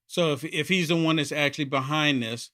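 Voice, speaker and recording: A man's voice: a little high, brisk, pushed and bright. A man hosting a political commentary show, talking bluntly and with strong opinions. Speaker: host.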